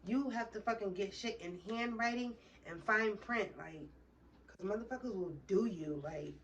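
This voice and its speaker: A woman's voice: mid-range voice, normal speed, recorded from a distance, background noise. A woman with a New Jersey accent telling a storytime in a casual, profane, heated rant. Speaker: vlogger.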